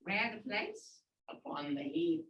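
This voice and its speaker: A man's voice: on the high side, expressive, unhurried, a bit bright. A male student reading aloud as an ominous witch, chanting the lines in a classroom play reading. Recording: distant, echoey, dull classroom sound.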